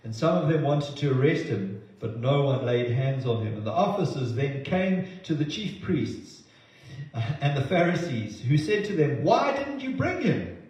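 A man preaching a sermon in an earnest way, often repeating words as he goes and acting out quotes with lively voices. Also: medium pitch, moderate pace. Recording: very echoey, slightly dull sound.

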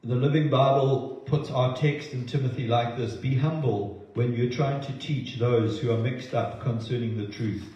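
A man preaching a sermon in an earnest way, often repeating words as he goes and acting out quotes with lively voices. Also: mid-range voice, moderate pace, few pauses. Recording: very echoey, slightly dull sound.

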